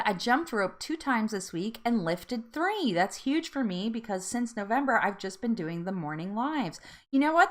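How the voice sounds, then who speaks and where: A woman's voice: fairly high pitch, fairly bright tone. A woman hosting a live weight loss support chat, chatting casually, laughing often and reading out viewer comments.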